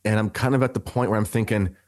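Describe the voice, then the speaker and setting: Deep-voiced man telling his story. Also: fairly even intonation, fast, a little mellow, no echo. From Canada. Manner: rambling, many restarts and fillers. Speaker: podcast guest. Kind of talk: conversational storytelling.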